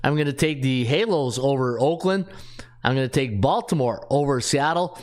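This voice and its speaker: A man's voice: mid-range voice, normal speed. A man hosting a sports betting show, running through his picks in a casual way, thinking aloud and reading off stats with lots of fillers.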